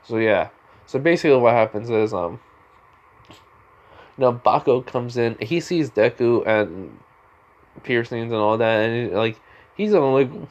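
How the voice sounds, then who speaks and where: A man tells a fan story in a loose, rambling way, circling back and restarting his sentences often. His voice sits at an ordinary middle pitch, and the telling feels offhand and unscripted. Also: lively intonation, unhurried, long pauses, darkish tone, lo-fi sound. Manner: rambling, full of fillers and restarts. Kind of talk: casual retelling of a fan story.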